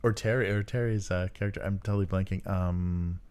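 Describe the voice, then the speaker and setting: With a deep, smooth, slightly mellow voice and fairly even intonation, this man talks a little fast. He's a podcast co-host rambling through a casual chat about tabletop games, full of fillers and chuckles.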